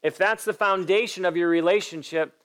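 Male pastor, fairly high voice, emphatic sermon delivery with pointed questions to the congregation. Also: moderate pace, fairly bright tone, smooth. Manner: acts out quoted voices in a story.

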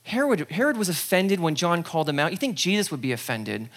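A pastor preaching a sermon in a conversational, animated way, acting out scenes and checking in with the listeners. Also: medium pitch, fairly quick. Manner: animated storyteller, acts out scenes; conversational, frequent "okay?" asides.

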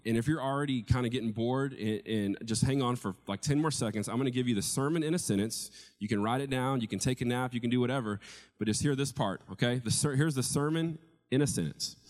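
A man's voice: on the low side, darkish tone. Man preaching a conversational sermon. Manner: conversational, repeats phrases for emphasis; tells a parable, quoting each figure in his own voice.

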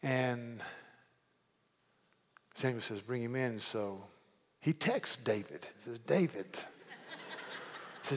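Pastor preaching in a reverberant hall. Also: male voice, mid-range voice, slow, long pauses. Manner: storytelling, acting out voices of characters. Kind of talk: sermon. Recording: long reverb of a large hall.

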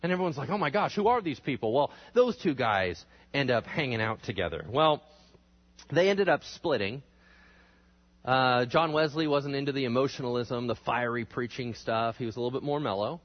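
A man teaching a church history class in a casual, animated storytelling way, acting out the people he talks about. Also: normal speed. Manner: animated storytelling, acting out quotes with big pitch swings. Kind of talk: classroom lecture. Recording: dull lo-fi recording.

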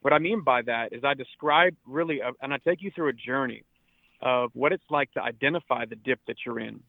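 A man's voice: medium pitch, a little fast, gravelly, dry recording. Man in his forties, pastor, earnest preaching delivery, repeats words for emphasis, tinny phone line, dry sound. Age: 40s. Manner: earnest, exhortative, repeats words when stressing. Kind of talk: radio interview, preaching tone.

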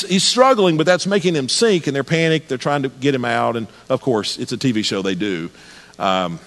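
High-voiced preacher in a reverberant church. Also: male voice. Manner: earnest, repeats words and restarts, rises in pitch when building a point. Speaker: pastor. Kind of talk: sermon. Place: church sanctuary.

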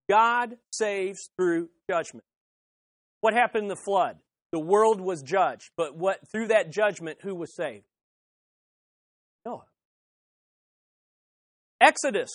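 Casting: pastor mid-sermon, emphatic, repeats phrases, swings from loud peaks to hushed asides, mid pitch. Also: no room sound, clean studio sound. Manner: rhetorical questions and answers. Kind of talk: expository sermon.

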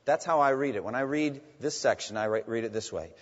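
A man preaching a sermon as a pastor, emphatic and swinging between loud and hushed. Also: medium pitch, brisk. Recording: dull sound in a long-reverb hall.

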